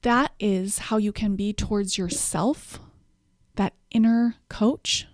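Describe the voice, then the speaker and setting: A woman's voice: mid-range voice, fairly even intonation, slow pace, no room sound. Encouraging woman podcast host, dry sound. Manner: warm encouraging coaching tone, numbered tips. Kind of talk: motivational self-help podcast.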